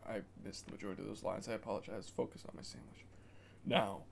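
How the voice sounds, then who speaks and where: A young man streaming video games, reacting excitedly and laughing as he plays. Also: fairly low pitch, fast, creaky, a little hiss or hum. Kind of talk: casual gaming commentary. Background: faint game music.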